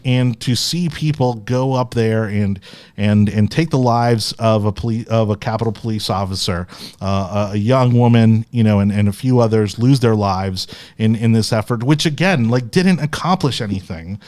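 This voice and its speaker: A man's voice: lowish voice, normal speed, a little mellow. Impassioned man hosting a political podcast. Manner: opinionated, impassioned commentary. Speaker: podcast host. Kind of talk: casual political chat.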